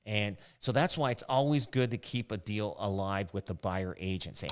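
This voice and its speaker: Guy on a podcast, lowish voice, rambling real estate stories, lots of restarts. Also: moderate pace, hardly any pauses, clear, resonant tone. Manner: rambling anecdotal storytelling. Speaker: realtor and podcast host. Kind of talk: casual podcast chat.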